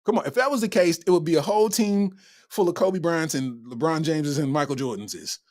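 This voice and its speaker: A man hosting a comedy podcast, reacting loudly to a news story with exclamations, laughter and repeated punchlines. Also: a little high, fairly quick. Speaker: podcast host. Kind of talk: comedic commentary.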